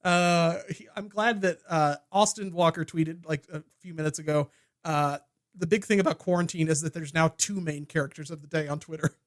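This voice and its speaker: A man's voice: a little high, normal speed. A man co-hosting a comedy podcast, chatting casually and rambling with fillers and stammers. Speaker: podcast co-host.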